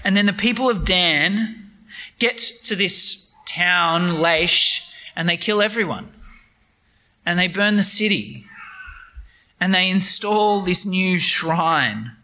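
A man preaching a sermon on a Bible passage, retelling it in a lively, conversational way. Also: high-pitched, slow pace.

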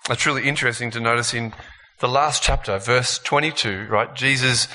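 A man preaching a sermon, lively and animated, acting out voices as he makes his points. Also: medium pitch, normal speed, long reverb tail, a little hiss or hum. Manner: animated, acts out voices of tempter and accuser.

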